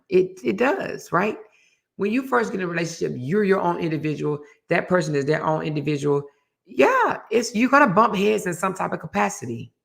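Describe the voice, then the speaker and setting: A woman hosting a casual chat show, telling a story with animated energy and reading out viewer comments. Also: low-pitched, gravelly. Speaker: host.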